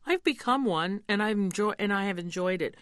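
A woman's voice: mid-range voice, lively intonation, fairly bright tone, dry recording, studio quality. A middle-aged woman opera singer, interviewed about her roles, speaking thoughtfully and candidly. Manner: thoughtful, candid, coaches pronunciation slowly. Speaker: opera singer, mezzo-soprano guest. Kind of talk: interview conversation.

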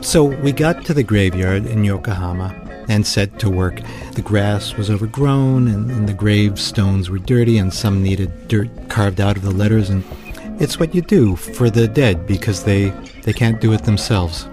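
A man with a low voice tells a true story in a measured, vivid way. He sounds like a practiced storyteller, and soft music plays faintly behind him. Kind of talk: spoken storytelling.

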